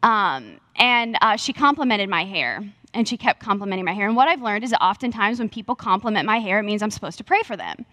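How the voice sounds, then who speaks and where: A young woman preaching, telling a faith story with earnest, animated energy and acting out her own quotes. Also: medium pitch, a little fast, few pauses, no room sound, studio quality. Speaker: speaker sharing testimony. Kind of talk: sermon-style storytelling.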